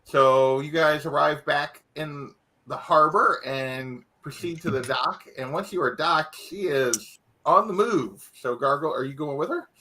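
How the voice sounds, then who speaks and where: A man's voice: a little high, unhurried, pushed and bright. A man narrating as game master, casual and loose, with lots of fillers. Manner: casual, filler-heavy, laughs often.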